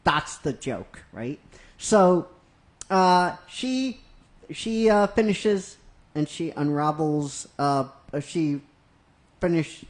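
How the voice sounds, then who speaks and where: A man casually retelling a fan-written script scene by scene, rambling and hesitant with many fillers. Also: fairly high pitch. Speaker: narrator.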